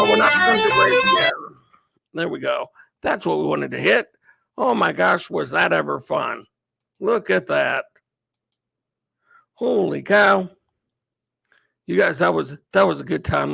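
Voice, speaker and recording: A man's voice: a little high, vocal fry, bright, forceful tone, husky, no room sound. A man hosting a casual livestream, chatting with viewers by name and calling a mock race. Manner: chatty, greets viewers by name, thinks aloud. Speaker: livestream host.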